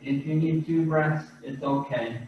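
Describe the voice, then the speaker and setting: Man, qigong instructor, unhurried breathing cues, distant mic, echoey room, dull video-call sound. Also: fairly high pitch, soft background music. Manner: slow, calm breathing cues. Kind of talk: guiding a movement class.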